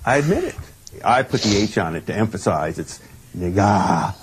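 A man's voice: fairly low pitch, lively intonation, moderate pace, slight background noise. A man, a teacher, answering in a news interview, sheepish and laughing as he explains himself. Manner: sheepish, laughing, repeats slang.

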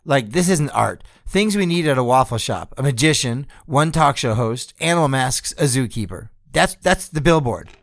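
A man's voice: mid-range voice, lively intonation, moderate pace, hardly any pauses, fairly bright tone, no echo, studio quality. A man co-hosting a podcast, ranting in a casual, sarcastic and profane way. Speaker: podcast co-host. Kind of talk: casual chat.

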